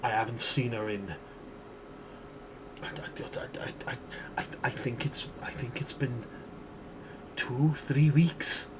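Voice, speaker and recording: A man's voice: mid-range voice, steady tone, moderate pace, lightly acted. A man voicing a frightened, half-insane trapped man who whispers shakily and stammers, repeating his words. The recording is noisy. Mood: terrified. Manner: shaky, whispering.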